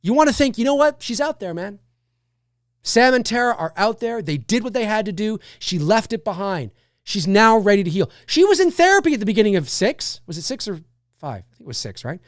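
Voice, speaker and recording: Man, livestream host, animated rambling chat, swinging pitch, dry sound. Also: a little fast, dry recording. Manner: animated, rambling, frequent restarts and fillers. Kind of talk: casual live chat reading viewer comments.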